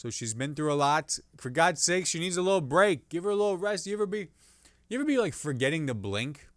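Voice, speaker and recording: A man hosting a comedy podcast, riffing on the news in a rambling, animated way and restarting jokes mid-sentence. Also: on the high side, brisk, no echo, studio quality.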